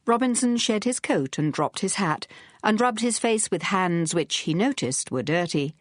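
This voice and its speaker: A woman narrating an audiobook in a measured, even manner. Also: mid-range voice, dry recording, studio quality. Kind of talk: scripted narration.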